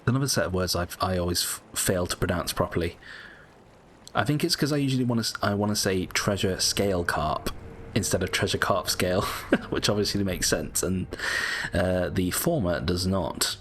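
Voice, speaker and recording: A man's voice: low-pitched, normal speed, fairly bright tone, a little hiss or hum. A British man giving casual gameplay commentary, chatty and prone to frustrated swearing. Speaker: gameplay streamer.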